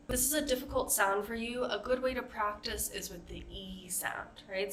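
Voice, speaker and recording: In this pronunciation lesson, a woman from the United States demonstrates vowel sounds and sample words one by one with patience. Her voice is mid-range and a bit bright, moving at normal speed with few pauses.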